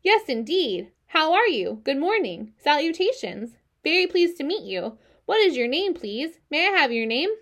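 A woman's voice: sits high, big pitch swings, normal speed, pushed and bright, pitched above the performer's own voice, exaggerated voice. An innocent young male pig in a storybook, eager and easily upset, as a woman reading aloud puts him on. His voice sits well above the reader's own and sounds wide-eyed and earnest.

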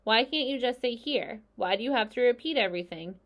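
Charlotte, a crisp spider voiced by a woman. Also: on the high side, expressive, brisk, pitched above the performer's own voice, natural voice. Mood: brisk. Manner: crisp, dry, a little stern. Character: calm, clever female spider leading a meeting.

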